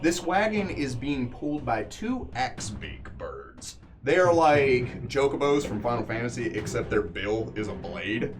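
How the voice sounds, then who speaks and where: Lively male game master narrating. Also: mid-range voice, a little slow, few pauses. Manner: descriptive, filler-heavy narration. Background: background music.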